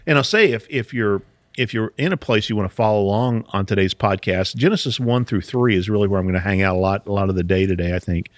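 A man's voice: lowish voice, fast talker, no echo. A man hosting a podcast, explaining Bible passages in a casual teaching chat, often chuckling and restarting his sentences.

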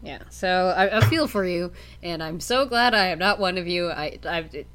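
A woman's voice: fairly low pitch, animated, moderate pace, fairly bright tone. A woman from Canada co-hosting a podcast in casual chat, giggling often and restarting her sentences. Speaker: podcast co-host.

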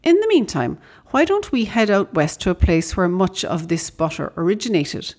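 A woman's voice: lowish voice, sing-song, moderate pace, few pauses, a little mellow. A woman with an Irish accent, a podcast host, reading out a prepared letter with conversational storytelling asides. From Ireland.

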